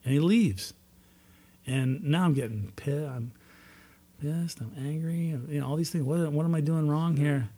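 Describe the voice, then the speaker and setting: A man's voice: fairly high pitch, measured pace, mellow. A man speaking at a recovery meeting, telling his own story with earnest, emphatic repetition. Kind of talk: personal testimony talk.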